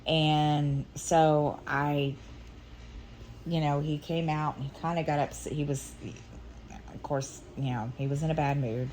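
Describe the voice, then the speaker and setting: Middle-aged woman vlogger, low and unhurried, rambles with restarts over faint background hum. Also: steady tone, darkish tone. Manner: rambling and hesitant, many restarts. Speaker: stitching vlogger. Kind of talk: casual chat.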